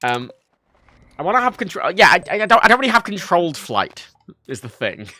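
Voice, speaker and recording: A young man livestreaming a game, rambling and mocking himself with sudden loud outbursts. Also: high-pitched, sing-song, brisk, no room sound. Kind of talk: casual gameplay chat.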